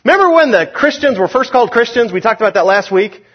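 A man's voice: very high-pitched, expressive, fast. A man preaching a sermon as pastor, emphatic and drawing responses from the congregation. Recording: dull lo-fi sound.

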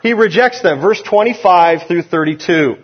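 A man preaching a sermon, emphatic, rising loud on key points and dropping low. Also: normal speed, breathy edge. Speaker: pastor. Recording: dull lo-fi sound.

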